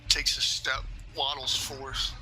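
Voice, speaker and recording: A man narrating as game master of a tabletop game, in slow, loose narration with many fillers. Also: medium pitch, completely flat delivery, pushed and bright, poor audio. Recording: faint background music.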